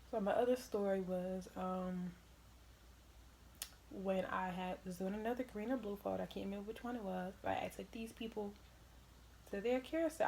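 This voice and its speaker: A young woman vlogger telling casual stories in an animated way, laughing often and swearing freely. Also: mid-range voice, a little hiss or hum. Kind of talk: casual storytime.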